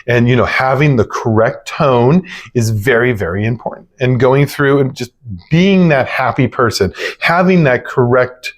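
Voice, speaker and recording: Male business owner, easygoing teaching voice, average pitch, plain chatty sales talk. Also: moderate pace. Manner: relaxed, conversational, demonstrates upbeat phone greetings. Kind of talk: casual instructional talk.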